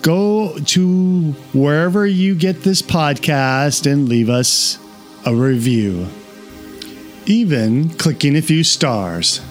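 A man's voice: a little high, animated, slow, soft background music. A man hosting a podcast, affirming his guest and reading the outro. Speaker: podcast host.

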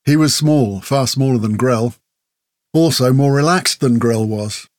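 A man narrating an audiobook in a measured, storytelling manner. His voice sits at a middle pitch. It is recorded close and dry, with no room echo. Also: a little mellow. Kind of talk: scripted narration.

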